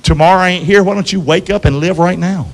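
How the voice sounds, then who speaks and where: Male pastor, high voice, call-and-response sermon, long church reverb. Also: brisk, creaky. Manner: call-and-response preaching, asks congregation to repeat. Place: church sanctuary.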